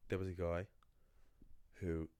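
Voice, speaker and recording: Young guy, real low voice, rambling teacher rant, dry close sound. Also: level tone, unhurried, warm tone, no echo. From Ireland. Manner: anecdotal, opinionated, rambling. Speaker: language teacher. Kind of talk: casual explanatory video monologue.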